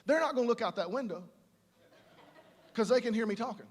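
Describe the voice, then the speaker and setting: A man preaching a sermon, animated and conversational, slipping into quoted voices. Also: very high-pitched, fairly quick. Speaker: pastor. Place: large church auditorium. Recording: live church hall reverb.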